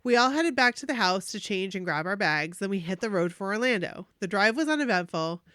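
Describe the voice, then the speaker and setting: A woman podcast host reading a listener's fan story aloud, animated and gushing, with emotional asides. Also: mid-range voice, fairly quick, smooth, no echo, studio quality.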